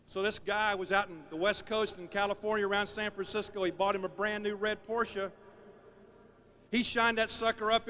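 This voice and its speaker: A man giving a sermon-style talk, telling stories with emphatic, animated delivery. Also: high-pitched. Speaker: speaker.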